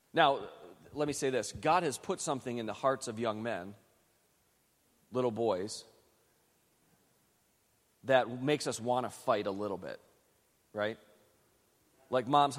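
Heard with a long reverb tail, this medium-pitched man is a Western New York pastor sharing a story from the pulpit. His sermon is chatty and full of restarts, and he readily makes fun of himself.

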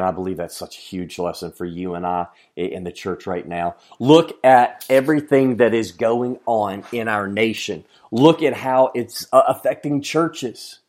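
A man preaching a sermon as a pastor, earnest, often asking the listeners questions and moving from emphatic lines to hushed ones. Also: medium pitch. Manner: addresses listeners directly with questions.

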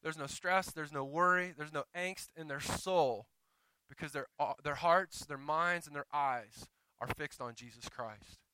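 A man preaching a sermon as pastor, moving between loud emphatic calls and quiet, hushed asides, often voicing what people might say. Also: a little high, unhurried, clear, resonant tone, rough recording.

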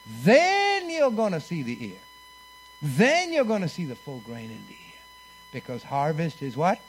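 A preacher with a high, very lively voice that leaps up and down as he drives his sermon forward. He leads the congregation in call-and-response, swinging from booming declarations to hushed, intimate lines.

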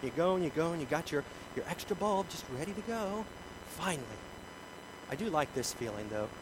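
A middle-aged man preaching a sermon, telling stories about himself in an animated way, with big swings in loudness. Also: on the high side, a little fast, background noise. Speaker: pastor.

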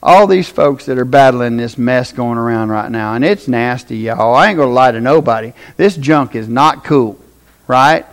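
A man with a Tennessee accent preaching a folksy sermon, swinging from shouted passages to quiet asides. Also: medium pitch, moderate pace.

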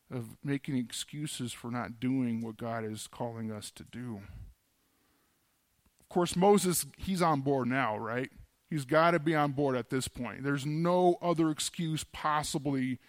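A man's voice: mid-range voice, no room sound, clean studio sound. A man giving a casual sermon, retelling scripture in everyday speech and acting out the characters' lines in a conversational way. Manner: conversational, acts out biblical dialogue in plain modern speech. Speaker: preacher.

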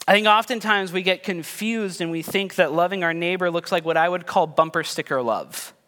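Brisk and forceful, this thirty-something pastor has a high-pitched, bright voice. He keeps his sermon casual and chatty, poking fun at himself through family stories, and the recording has long hall reverb.

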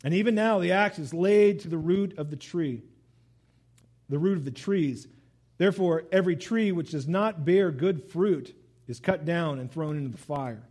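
Lively high-voiced man preaching. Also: normal speed. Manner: animated, conversational preaching with asides and laughs. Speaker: pastor. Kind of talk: sermon.

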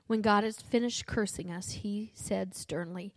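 A woman reading a story aloud in first person, earnest and steady, with a few small restarts. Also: mid-range voice, a little slow, hardly any pauses, dry recording.

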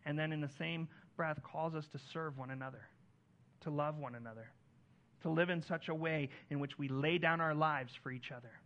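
High, bright-voiced preaching man. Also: moderate pace, lo-fi sound. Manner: earnest preaching, rises on key lines and drops soft on others. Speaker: pastor. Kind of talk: sermon.

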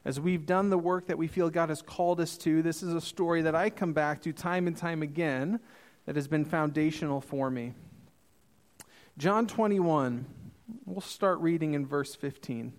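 A man in his thirties preaching a sermon, reading scripture and acting out the dialogue with lively storytelling. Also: on the high side, moderate pace. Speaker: missionary preacher.

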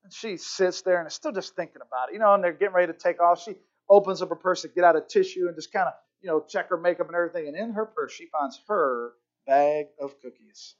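A middle-aged man preaching a sermon, telling stories with lively acted-out voices. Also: high-pitched, quick pace, muffled recording. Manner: storytelling, animated, acts out characters. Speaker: pastor.

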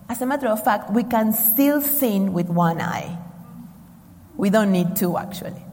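A woman from Argentina delivers a sermon slowly, leaning on each phrase with dramatic pauses. Her voice sits a little high and sounds mellow. The long reverb of a large hall hangs behind her words. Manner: slow, emphatic preaching with dramatic pauses. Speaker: preacher.

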